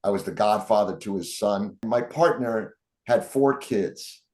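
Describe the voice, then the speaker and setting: A man's voice: fairly low pitch, measured pace. A man telling stories as an interview guest, acting out the quotes of the people in them. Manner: animated storyteller, acts out quotes. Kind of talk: storytelling interview.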